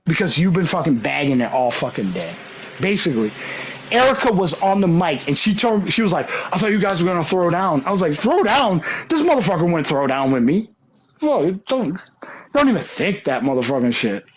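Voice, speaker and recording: A man's voice: a little high, big pitch swings, fairly quick, a little hiss or hum, poor audio. A young man streaming a game, telling a story in a heated, profane, ranting way. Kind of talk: casual storytelling while gaming.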